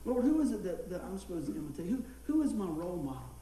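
A middle-aged pastor preaches a folksy, story-driven sermon in a high voice, talking fast, laughing and staying animated. He's picked up from some distance in an echoey church room with faint background noise.

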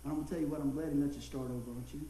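A middle-aged man delivers a folksy, storytelling sermon in a high voice. He is recorded from some distance in an echoey church room, with faint ambient noise behind him. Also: very fast. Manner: folksy storytelling, laughing, animated. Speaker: pastor.

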